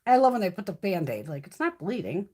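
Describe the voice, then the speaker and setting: Her voice is medium in pitch and fast as this woman in her fifties chats on a live stream. She is blunt and profane and tells stories with real animation.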